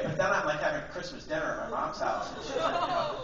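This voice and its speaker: Rambling teacher doing stand-up in an echoey hall. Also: male voice, on the high side, wildly swooping pitch, fast. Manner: rambling, self-deprecating, full of fillers. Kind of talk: stand-up comedy set. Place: school auditorium. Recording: echoey hall from far off, dull and noisy.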